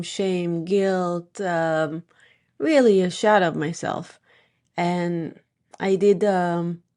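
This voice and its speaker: Earnest woman podcast host. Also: medium pitch. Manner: earnest, personal storytelling. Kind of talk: casual interview talk.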